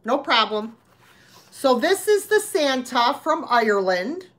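A woman's voice: high voice, very animated, slow, fairly bright tone. A woman hosting a live sale, talking in a chatty, rambling way with lots of fillers. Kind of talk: live-stream sales chat.

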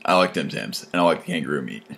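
Low-voiced man tasting snacks. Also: fast, gravelly. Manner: blunt, crude, relaxed. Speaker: food vlogger host. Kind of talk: casual food tasting commentary.

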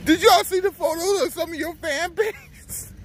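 A man's voice: very high-pitched, moderate pace, a bit bright. A man vlogging a mocking, taunting sports rant and laughing often, with faint traffic outside. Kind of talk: trash-talking sports rant.

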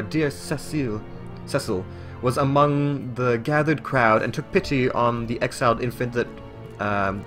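A man's voice: medium pitch, fairly bright tone, voice pushed up, lightly acted. A man voicing a dignified female orc librarian in a video game, speaking in formal, old-fashioned phrasing and sometimes stumbling over the words. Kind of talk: voicing game dialogue aloud.

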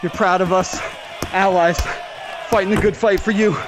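A man ranting profanely and angrily while boxing in a VR game, out of breath from the workout, with shouted outbursts. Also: sits high, fairly even intonation, moderate pace, heavy background noise. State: out of breath from exercise. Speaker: VR fitness vlogger. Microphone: VR headset mic.

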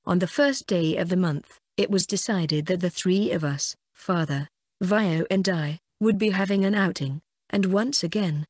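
A woman narrates a first-person light novel audiobook in a fairly low voice, with a dry and wry tone. The recording is close and dead, with no room sound at all. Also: no room sound.

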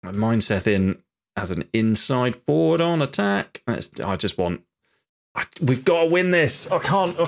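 A man's voice: mid-range voice, animated, normal speed. A man commentating his own football management game, muttering and swearing in frustration as his team plays badly. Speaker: gaming YouTuber. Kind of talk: live football-sim commentary.

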